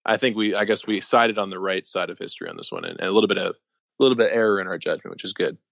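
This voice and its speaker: A young man co-hosting a podcast, joking around in a relaxed, slangy way. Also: sits low, racing, vocal fry, dry recording. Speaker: podcast co-host. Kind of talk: casual chat.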